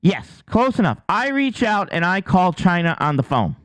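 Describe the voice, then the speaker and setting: His voice sits high and a bit bright, swinging widely in pitch at a moderate pace. This American channel host casually explains a topic with on-screen drawings, joking, chatting, restarting often, and asking "okay?" to check in.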